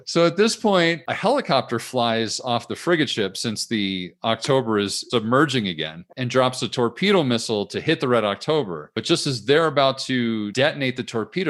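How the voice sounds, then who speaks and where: A man's voice: medium pitch, a bit bright. A man co-hosting a film podcast, recapping the plot in a rambling, chatty way and laughing often. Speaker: podcast co-host. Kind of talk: casual movie-review chat.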